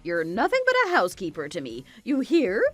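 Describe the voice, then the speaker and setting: A woman's voice: on the low side, wildly swooping pitch, a little fast, fairly bright tone, no echo, faint music behind, exaggerated voice. A woman voicing a domineering, spiteful older mother-in-law in a dramatized story, scolding and belittling. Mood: scornful. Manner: scolding, contemptuous, bossy.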